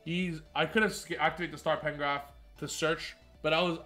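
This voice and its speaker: A man with a fairly high voice narrates card game replays as a channel host. He talks with boastful, hyped energy and mixes trash talk with self-mocking jokes. A quiet music bed plays underneath. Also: steady tone, a little fast.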